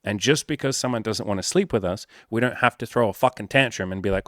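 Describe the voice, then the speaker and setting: Low-voiced guy coaching on dating, swears a lot, upbeat and blunt, dry close mic. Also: fast talker, few pauses, no room sound. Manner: blunt, profane, energetic. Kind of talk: casual direct-to-camera advice.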